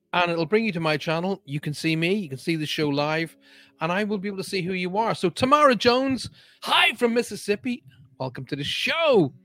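A man's voice: high voice, no echo. A man hosting a live-streamed show, chatting casually and reading out viewer comments in an upbeat way.

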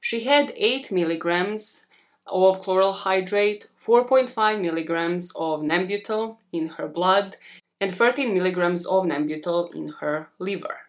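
A woman's voice: lowish voice, unhurried. Chatty woman telling a true crime story. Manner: chatty and expressive, with blunt asides. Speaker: true crime podcast host.

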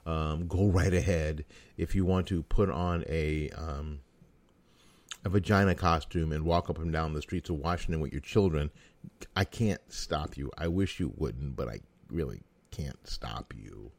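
A man's voice: rumbling low, a little slow, darkish tone, no room sound. A middle-aged American man giving a folksy, sarcastic opinion monologue as a talk show host.

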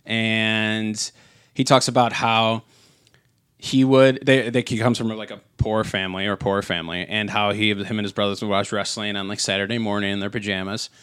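A man's voice: lowish voice, little pitch movement, normal speed, a bit bright, clear, resonant tone, no room sound. Rambling man on a dry podcast mic. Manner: rambling, many fillers and restarts. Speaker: podcast co-host. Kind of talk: casual chat. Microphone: close podcast mic.

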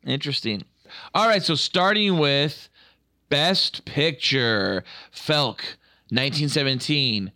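A man's voice: a little high, animated, slow, bright, forceful tone, smooth, no room sound, studio quality. A man co-hosting a casual podcast, joking around and stumbling over restarts as he leads the segment. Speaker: podcast co-host. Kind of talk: casual chat.

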